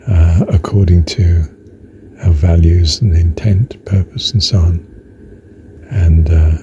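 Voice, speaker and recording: An older man giving a reflective spoken meditation on faith, musing slowly, halting on fillers and dropping into soft whispered asides. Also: sits low, slight background noise. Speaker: speaker on faith.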